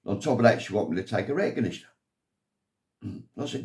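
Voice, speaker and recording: An older English vlogger with a medium-pitched, slightly mellow voice talks quickly through a long account of his life. He meanders and sounds aggrieved, with "anyway" coming up over and over.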